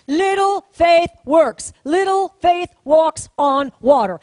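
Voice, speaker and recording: A woman's voice: high-pitched, normal speed, few pauses, darkish tone, no room sound, poor audio. A woman preaching a sermon to a congregation, emphatic and repetitive, calling out to the room and getting them to repeat lines. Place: church service, in front of a congregation.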